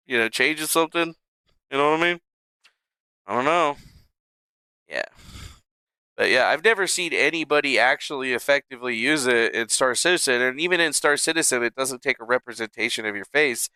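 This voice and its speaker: A man's voice: mid-range voice, fairly quick, sharp tone, clean tone, dry recording. A man hosting a casual livestream from home, rambling and joking with a lot of swearing. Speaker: livestream host. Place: home streaming setup.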